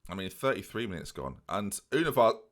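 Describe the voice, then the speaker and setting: A man's voice: on the low side, very animated, brisk, noisy background. A young man giving playful mock-commentary over a video game, often addressing his viewers. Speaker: gaming YouTuber.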